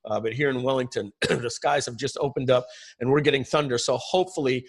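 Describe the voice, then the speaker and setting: Middle-aged man, French first language, average pitch, rambling chatty guest on a video call. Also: steady tone, a little fast, husky. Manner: chatty, storytelling, many fillers. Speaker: guest presenter. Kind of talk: webinar presentation.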